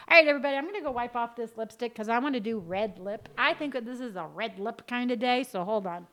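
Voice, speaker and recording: A woman's voice: a little high, quick pace, hardly any pauses, a bit bright. A woman hosting a live gaming stream in casual chat, effusively thanking viewers one by one with a playful, sing-song manner.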